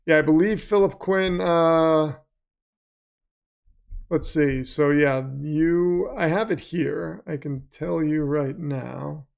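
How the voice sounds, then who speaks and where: Chatty gravelly-voiced male livestream host. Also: a little high, takes it slowly, darkish tone. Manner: chatty, reads out donations and chat messages. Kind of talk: casual livestream chat and play-by-play.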